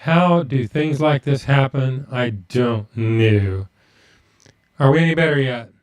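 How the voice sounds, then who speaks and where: A man's voice: mid-range voice, slow pace. A man hosting a live stream, chatting casually with viewers and muttering to himself while fixing his audio.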